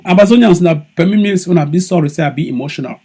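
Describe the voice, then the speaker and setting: A man with a Cameroonian English accent shot through with Pidgin delivers a fiery monologue in a high, husky voice. His pitch leaps and plunges as he hammers home accusations and repeats phrases for weight. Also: expressive, fast, dark tone. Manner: heated, emphatic, accusatory, repeats for stress. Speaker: political activist. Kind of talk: impassioned video monologue.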